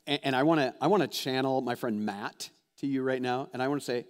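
A man's voice: medium pitch, brisk. A man preaching a sermon as a pastor, talking conversationally and putting direct questions to his listeners. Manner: conversational, animated, asks the audience direct questions.

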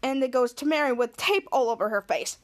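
A woman host gives a loose play-by-play of a kids' show episode, chaining scenes together with "and" and giggling as she goes. Her voice sits noticeably high, and the delivery is chatty and unpolished. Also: a little fast. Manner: rambling play-by-play narration, giggly. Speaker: podcast host. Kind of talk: casual podcast episode recap.

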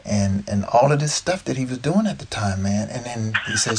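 A man's voice: mid-range voice, expressive, moderate pace, slight background noise. A man, the guest, telling casual, rambling stories and often tossing in "man" and "like.". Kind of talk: casual storytelling.

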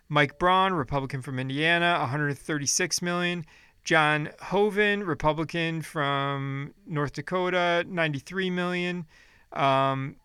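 A man's voice: on the high side, bright, forceful tone, clean tone, dry recording, clean studio sound. A man giving a casual, blunt commentary, reading down a list and swearing freely in his asides. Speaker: political commentator.

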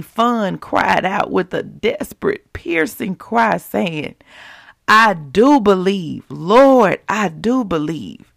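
A woman teaching scripture on a devotional podcast, talking casually and directly to listeners and slowly repeating verses for emphasis. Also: a little high, gravelly, dry recording, clean studio sound. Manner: conversational, preachy, keeps it real with listeners. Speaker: podcast preacher.

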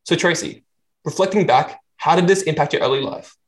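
An interview host who reads a scripted introduction of the guest and asks questions in a brisk, upbeat way. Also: mid-range voice, rough recording.

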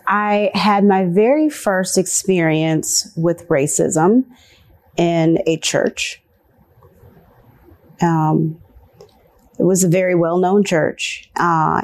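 An American woman telling a personal story in a slow, reflective way, pausing often. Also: fairly low pitch, darkish tone. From United States. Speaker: interviewee telling her story. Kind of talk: personal testimony.

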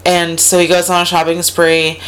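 A woman's voice: lowish voice, completely flat delivery, normal speed, a bit bright. A woman co-hosting a casual podcast, animatedly retelling a movie's plot, acting out the characters' lines, swearing and laughing as she goes. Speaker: podcast co-host recapping a movie. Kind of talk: casual chat.

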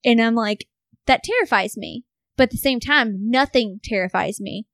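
A woman with a fairly high voice tells a story in casual talk, swearing freely and acting out what everyone said. The sound is dry and close to the mic. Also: normal speed, no room sound. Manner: swears a lot, animated storytelling. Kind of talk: casual conversation.

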